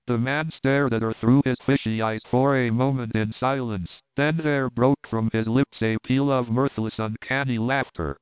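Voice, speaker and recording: Man reading an old novel, smooth clear voice, super dry and kinda phone-tinny. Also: mid-range voice, steady tone, moderate pace, hardly any pauses, dry recording. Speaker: audiobook narrator.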